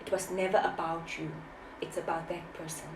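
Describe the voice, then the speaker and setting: A woman's voice: fairly low pitch, little pitch movement, normal speed, roomy sound, distant mic, background noise. A woman in her forties, from South Africa, speaking as an author in an interview, impassioned and preachy, often repeating her words. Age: 40s. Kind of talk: emotional testimony.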